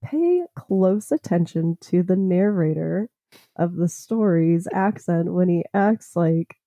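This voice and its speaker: Giggly low woman podcast host. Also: expressive, takes it slowly, warm tone, dry recording. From United States. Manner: giggly, rambling with many fillers. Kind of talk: casual chat.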